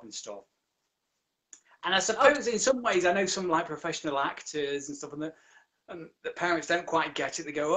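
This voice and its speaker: A man's voice: fairly high pitch, expressive, moderate pace, sharp tone. A man with an English accent hosting a casual video-call interview as a drag queen, cheeky and sweary, laughing often. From England.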